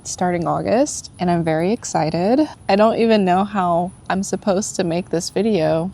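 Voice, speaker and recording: A woman's voice: lowish voice, dark tone, a little hiss or hum. A woman in her twenties talking casually to camera from a park bench, nervous and chatty. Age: 20s. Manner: nervous, chatty, laughs often. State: tearful at times. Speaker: vlogger. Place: bench in a public park, outdoors. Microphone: phone or camera propped on a bag.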